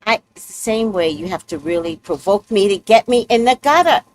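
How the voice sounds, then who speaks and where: A woman's voice: mid-range voice, brisk, slight background noise. Woman host on a livestream, blunt, tells it like it is, voice bouncing all over, laughs a lot. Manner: blunt and outspoken; animated storytelling with laughs. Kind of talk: casual livestream chat.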